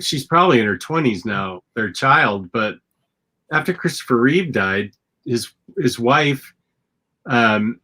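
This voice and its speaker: Man co-host, married, bright forward tone, halting and repetitive. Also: medium pitch. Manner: halting, repeats words and restarts. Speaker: podcast co-host. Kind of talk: casual chat.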